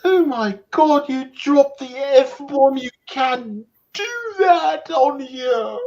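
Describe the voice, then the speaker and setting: A man putting on a shrill prissy British scold. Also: animated, drawn-out words, darkish tone, lo-fi sound, full character voice. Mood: scandalized. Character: prissy offended viewer with British accent.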